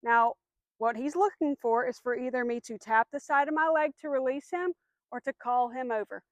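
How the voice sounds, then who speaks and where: A woman dog trainer giving a clear, patient lesson outdoors, with firm short commands. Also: high-pitched, normal speed, no echo. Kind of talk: instructional demonstration.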